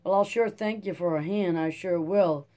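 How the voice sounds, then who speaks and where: A reader voicing a weary, talkative Dust Bowl farmer in a folksy, rambling drawl, in a calm audiobook telling. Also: mid-range voice, normal speed, lightly acted. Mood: hopeful. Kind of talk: audiobook character reading.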